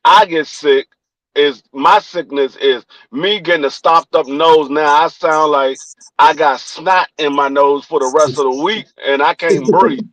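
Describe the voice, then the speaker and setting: A young podcast co-host from Washington, D.C., with a high, light voice and a local accent, tells a long story at a measured pace in casual chat. He animatedly acts out each person's quoted lines and swears plenty. The low-quality recording is close and dry, with no room sound or echo.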